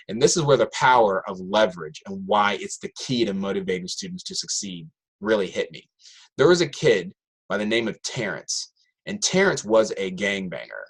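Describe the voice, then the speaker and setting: Brief: lowish-voiced male teacher, animated storyteller who acts out students' lines. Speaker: high school math teacher. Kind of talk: storytelling talk to an audience.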